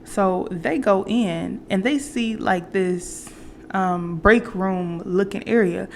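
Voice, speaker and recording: A woman's voice: mid-range voice, takes it slowly, vocal fry, slight background noise. A woman vlogger casually retelling a movie plot, rambling with fillers and restarts. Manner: acts out quoted characters.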